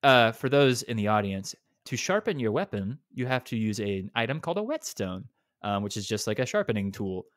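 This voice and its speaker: A man co-hosting a casual gaming podcast, talking in animated rants full of restarts. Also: lowish voice, a little fast, no echo, clean studio sound. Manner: animated, ranting, lots of restarts. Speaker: podcast co-host.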